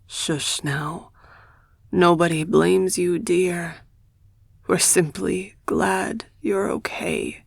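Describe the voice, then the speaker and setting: A woman voicing a gentle older woman, a former teacher, speaking softly and soothingly. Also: lowish voice, fairly even intonation, drawn-out words, vocal fry, slightly rough, no room sound, studio quality, heavily acted. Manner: soft, soothing, hushed. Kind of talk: audiobook character dialogue.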